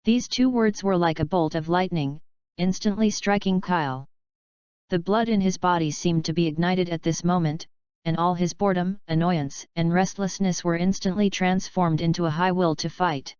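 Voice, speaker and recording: Woman narrating a story, kinda low voice, super clear, dry dull sound. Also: darkish tone, dry recording. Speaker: audiobook reader. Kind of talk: scripted narration.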